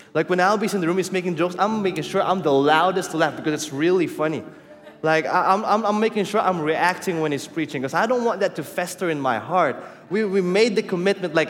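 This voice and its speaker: A man's voice: on the high side, lively intonation, fast talker. A man with a Filipino accent preaching a sermon, telling a personal story in a candid, conversational way. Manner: candid, conversational, mixing in Tagalog phrases. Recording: reverberant hall with faint music and crowd.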